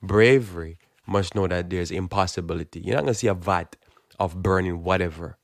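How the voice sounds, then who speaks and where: A man's voice: deep voice, fairly quick, creaky, no room sound, clean studio sound. A man giving a blunt, emphatic, informal sermon, often repeating words as he builds his point. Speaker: Christian preacher. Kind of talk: informal preaching monologue.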